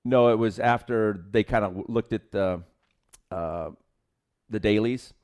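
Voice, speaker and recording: A man's voice: fairly low pitch, a little slow, a little mellow, clear, resonant tone. A man co-hosting a martial arts podcast, telling film-set anecdotes in casual chat and acting out the quotes with laughter.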